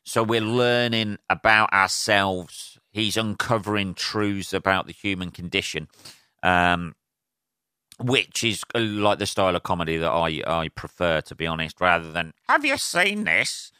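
Man, deep voice, forceful and bright, casual rambling podcast host, lots of swearing and fillers. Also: fairly even intonation, a little slow, clean tone, no room sound, studio quality. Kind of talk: casual solo podcast monologue.

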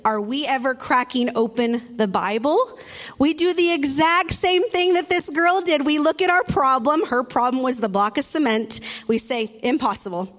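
Woman pastor, high voice, lively storytelling sermon delivery. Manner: animated storytelling, acting out quoted voices.

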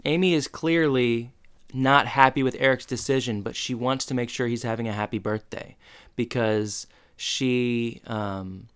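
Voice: medium pitch, fairly even intonation, a little slow, fairly bright tone, clean tone. A podcast co-host retells scenes from a show and answers with short, agreeing replies. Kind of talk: casual recap chat.

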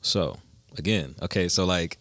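A man's voice: low voice, a little slow, a bit bright, no echo. A young man telling stories in casual, slangy talk as a musician guest in an interview. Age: young adult. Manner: laid-back slangy storytelling.

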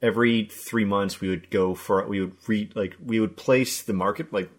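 A man's voice: fairly low pitch, fairly even intonation, normal speed. A man co-hosting a gaming podcast, talking in a rambling, hesitant way with many fillers. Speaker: podcast co-host. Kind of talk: casual gaming podcast chat.

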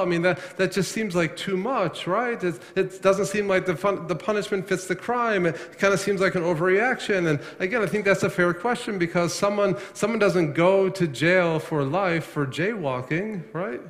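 A man's voice: high-pitched, moderate pace, hardly any pauses, fairly bright tone. Preaching man in an echoing hall. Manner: asks questions and answers them himself, repeats words when emphatic. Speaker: pastor. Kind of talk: sermon. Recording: long echo of a large hall.

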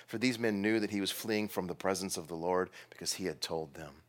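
A man's voice: fairly low pitch, sing-song, fairly quick. A man preaching a sermon as pastor, talking casually, laughing now and then and stressing some words strongly. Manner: conversational preaching with laughs and sudden bursts of emphasis.

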